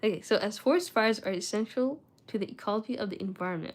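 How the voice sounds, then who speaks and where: Chatty young woman reading aloud with retainers in. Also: medium pitch. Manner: chatty, self-talking, reads aloud with stumbles. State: talking with retainers in. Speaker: study vlogger. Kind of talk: casual study-with-me chat and reading aloud.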